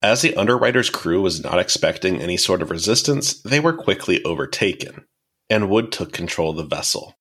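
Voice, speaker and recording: A man with a fairly low voice narrates history on a podcast, laying out events in a casual, explanatory way. He slips in wry, dry jokes between the facts and keeps an easy conversational tone. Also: animated, a little fast, a bit bright, breathy edge. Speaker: podcast host.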